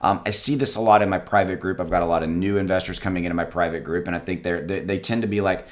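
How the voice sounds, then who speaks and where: A man's voice: low voice, quick pace, few pauses. A man vlogging casual investing advice to his viewers, talking loosely with many restarts and calling them guys. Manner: conversational, repeats words, addresses viewers as guys. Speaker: crypto YouTuber. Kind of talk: casual direct-to-camera advice. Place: home with dogs.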